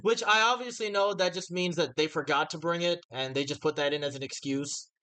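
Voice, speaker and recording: Man, podcast co-host, stammering restarts, slightly high pitch. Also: fairly quick, sharp tone, clean tone. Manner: stammering restarts, laid-back storytelling. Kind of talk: casual chat.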